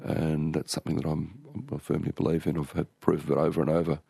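Older Australian man, rambling storyteller, very low gravelly voice, husky, dry close sound. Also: flat delivery, fast talker, warm tone, dry recording. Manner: rambling, with frequent restarts and storytelling. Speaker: author and interview guest. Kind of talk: relaxed conversational interview.

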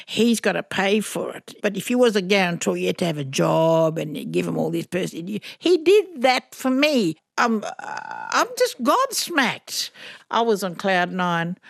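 A woman's voice: medium pitch, vocal fry, dry recording, clean studio sound. An older Australian woman, a musician, telling a story in an interview and acting out the voices in it. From northern Queensland, Australia. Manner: animated, acts out voices in her anecdotes. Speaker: musician guest.

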